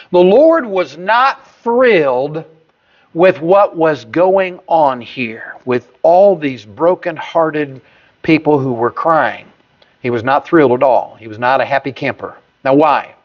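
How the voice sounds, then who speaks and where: A man preaches a sermon at a very slow, deliberate pace, leaning hard on single words. His voice sits a little high and jumps up suddenly for emphasis. The recording is dull and lo-fi. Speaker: pastor.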